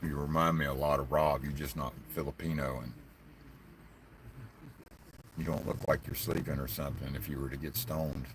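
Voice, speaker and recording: A man's voice: a bass voice, level tone, moderate pace, pauses often, background noise. A man with a Southern hillbilly accent, chatting casually and profanely to his live-stream viewers. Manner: profane, blunt, rambling. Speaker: livestreaming vlogger.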